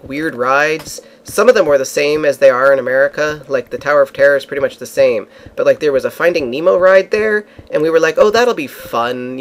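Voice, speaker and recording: A man casually recounting a trip with friends, rambling with frequent fillers and restarts. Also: on the high side. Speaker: vlogger. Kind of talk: casual storytelling.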